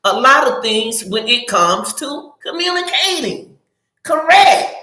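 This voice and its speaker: Middle-aged woman host, outspoken and straight-talking, bright voice, roomy echo. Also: fairly high pitch, measured pace. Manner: blunt, animated, outspoken with dialect slang. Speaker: channel host. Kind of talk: casual advice talk. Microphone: phone or camera, livestream.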